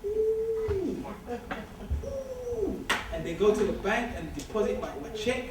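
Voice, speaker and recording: A man's voice: sits high, animated, quick pace, background noise. A man giving an informal, joking talk to a student society, repeating his points for emphasis. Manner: streetwise, joking, emphatic repetition. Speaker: guest speaker. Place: large lecture hall. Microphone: far room recording. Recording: distant echoey hall recording.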